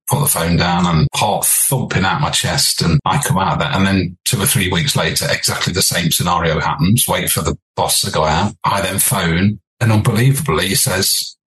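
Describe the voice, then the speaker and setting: Deep-voiced older man telling stories. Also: a little fast, few pauses, poor audio. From England. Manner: animated anecdotes with laughter and restarts. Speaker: podcast guest, former band leader. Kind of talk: storytelling interview.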